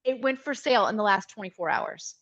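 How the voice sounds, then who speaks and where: A woman, a podcast guest, telling a personal story in an animated, emotional way, often restarting her sentences. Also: mid-range voice, a little fast. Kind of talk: personal storytelling in a conversational interview.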